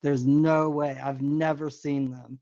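A man's voice: on the high side, level tone, slow, warm tone, no echo. A man co-hosting a radio show, giving practical advice in a matter-of-fact way. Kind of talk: casual radio talk. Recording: muffled lo-fi radio audio.

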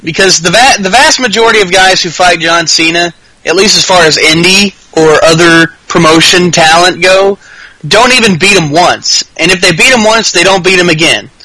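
A man co-hosting a podcast, chatting casually about wrestling in a profane, animated rant. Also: high-pitched, no echo, rough recording. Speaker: podcast co-host.

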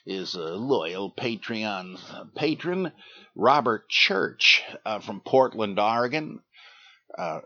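A man's voice: lowish voice, sharp tone, no room sound. Older guy hosting a podcast, lots of uh's, dry jokes, muffled lo-fi recording. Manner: rambling, dry asides, frequent "uh" hesitations. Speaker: podcast host. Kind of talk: casual podcast talk, reading listener names and questions. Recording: dull lo-fi recording.

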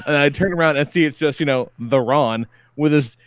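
A man co-hosting a podcast, telling stories in an animated, casual way with some swearing. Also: on the high side, a little fast, no room sound. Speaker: podcast co-host. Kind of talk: casual chat.

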